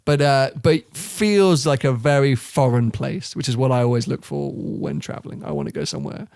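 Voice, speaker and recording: A young man, a podcast guest telling travel stories in an animated, laughing way. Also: medium pitch, normal speed, vocal fry, smooth, no echo, clean studio sound. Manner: animated storyteller, laughs often. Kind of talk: casual chat.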